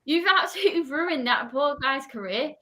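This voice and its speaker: A woman's voice: high voice, animated, moderate pace, sharp tone. A woman football fan ranting in frustration about her team in casual chat.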